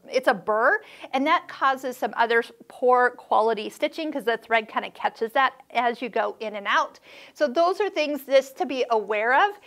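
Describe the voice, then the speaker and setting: Chatty middle-aged woman host with a high voice, casual sewing-tips vlog delivery, reassuring and playful. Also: fairly bright tone.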